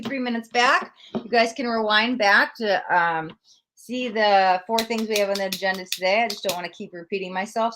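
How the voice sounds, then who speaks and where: A woman's voice: medium pitch, fairly bright tone. Chatty, reassuring woman live-streaming. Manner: chatty, reassuring, reads viewer comments aloud. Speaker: tarot reader hosting a live stream. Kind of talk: casual live-stream chat.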